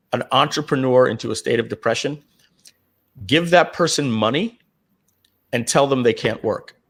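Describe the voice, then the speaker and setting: A middle-aged man, a guest in an interview, telling his story casually, often restarting his sentences and clearing his throat, and jumping up in pitch when he acts out what others said. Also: a bit bright. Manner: acts out quoted voices with jumps in pitch. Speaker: interview guest, online marketer.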